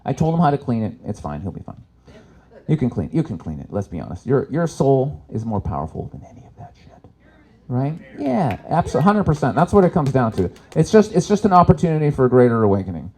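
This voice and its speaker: A man performing live stand-up, telling stories with sudden loud shouted impressions. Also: medium pitch, very animated, brisk. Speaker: stand-up comic. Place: expo stage before an audience.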